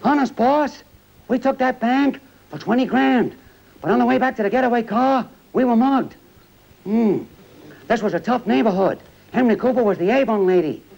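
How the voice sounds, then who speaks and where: A man's voice: very high-pitched, normal speed, gravelly, a little mellow, rough recording. An actor playing a boastful small-time American gangster henchman in a comedy sketch. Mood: pleading. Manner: boastful wisecracking tough talk. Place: TV studio.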